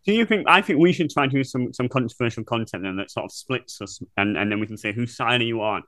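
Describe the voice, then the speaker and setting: A man's voice: medium pitch, big pitch swings, fast talker, a bit bright, no echo. A man co-hosting a podcast in casual comedic chat, playful and teasing. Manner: playful, teasing, laughs often. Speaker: podcast co-host.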